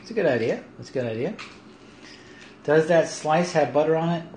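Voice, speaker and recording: A chatty middle-aged man talking on a home livestream, with a voice that rises and falls a great deal and sits a little high. He is recorded on a phone in an echoey kitchen with a faint hiss underneath. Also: brisk. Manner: chatty, lively, laughs often. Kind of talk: casual livestream chat.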